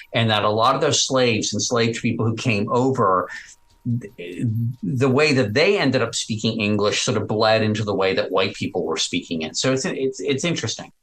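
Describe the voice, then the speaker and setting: A man being interviewed about his podcast, talking in a chatty, animated way with frequent restarts. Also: medium pitch, rough recording. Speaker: podcast host as guest. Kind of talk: casual interview chat.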